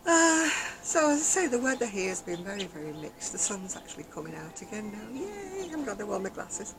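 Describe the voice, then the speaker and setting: A woman's voice: mid-range voice, sing-song, a little fast, gravelly, crowd noise, rough recording. An English woman vlogging about her crochet in casual, rambling chat, laughing often as she tells stories, recorded outdoors on a garden deck. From England. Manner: chatty, rambling storyteller who laughs often.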